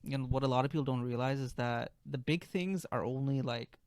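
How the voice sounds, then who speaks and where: A man's voice: medium pitch, fairly quick, darkish tone, no echo, studio quality. A young man co-hosting a podcast, talking in an easygoing way and laughing along. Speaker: podcast co-host, physician. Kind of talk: casual podcast chat.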